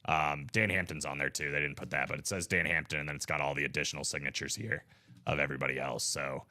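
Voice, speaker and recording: A man's voice: rumbling low, little pitch movement, fast talker, bright, forceful tone. A man hosting a live card break stream, with upbeat, slangy hype chatter.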